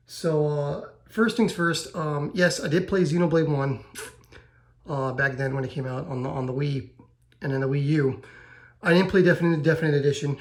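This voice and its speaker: A man's voice: a little high, reverberant. A man giving a rambling spoken review of a video game, often restarting and repeating himself.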